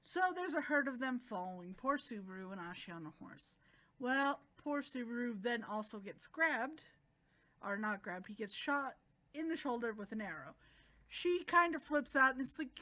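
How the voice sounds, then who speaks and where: A chatty, animated woman retelling a manga plot in a casual review. Her voice runs a little high, and she jumps in and out of the characters' lines. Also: normal speed. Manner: chatty, animated, acts out quotes.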